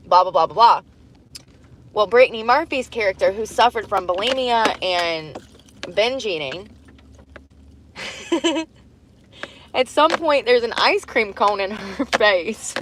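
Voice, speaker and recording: A woman's voice: medium pitch, slow pace, long pauses, fairly bright tone, slight background noise, rough recording. A woman chatting bluntly on a livestream, laughing often and acting out quotes from a movie. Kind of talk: casual chat.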